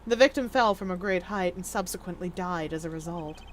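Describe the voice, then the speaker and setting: A woman voicing a cool, formal male prosecutor who lays out his reasoning in a measured, precise way. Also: on the low side, a little hiss or hum, pitched below the performer's own voice, natural voice. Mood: calm, deductive.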